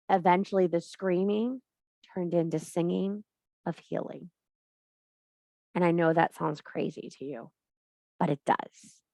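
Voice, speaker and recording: Woman, lower register, spiritual teacher type, blunt and preachy. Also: steady tone, takes it slowly, pauses often, darkish tone, dry recording. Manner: blunt, emphatic, swears freely; preachy, addresses viewer directly. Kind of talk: spiritual monologue to camera.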